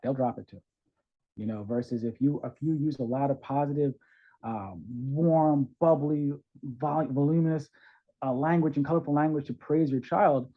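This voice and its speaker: A man talking as a guest in an interview about parenting, animated and acting out voices of parents and kids, heard over a call. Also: fairly high pitch. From New York. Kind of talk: conversational advice in an interview. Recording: dull, lo-fi sound.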